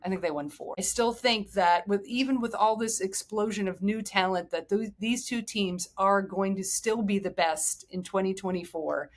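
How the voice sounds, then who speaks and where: An excited woman in middle age hosts a sports podcast on her own. She talks eagerly and goes off on heartfelt tangents, her voice pitched right in the middle. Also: normal speed, hardly any pauses. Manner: enthusiastic, digressive, emotional. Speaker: podcast host. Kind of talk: solo sports podcast talk.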